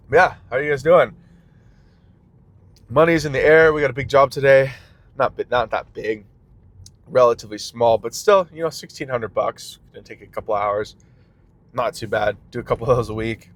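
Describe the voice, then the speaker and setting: Man, casual vlog rant from a car, filler-heavy, rambling, tangent after tangent, small business owner, mid-pitched voice. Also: fairly even intonation, moderate pace, pauses often. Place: in a car while driving.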